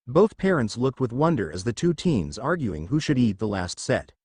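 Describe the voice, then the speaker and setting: A man's voice: medium pitch, very animated, normal speed, darkish tone, husky, no echo, clean studio sound. A man narrating a fan fiction story in a plain storytelling manner.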